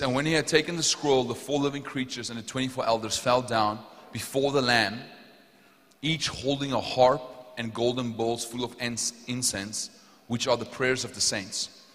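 Young South African male pastor, storytelling sermon delivery with fervent peaks, mid-pitched, long hall reverb. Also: a bit bright. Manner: storytelling, rising to fervent emphasis.

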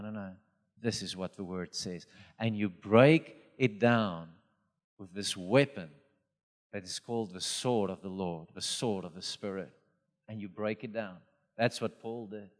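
Preacher in a reverberant hall. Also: male voice, on the low side. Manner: animated storytelling, acts out dialogue. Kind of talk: sermon.

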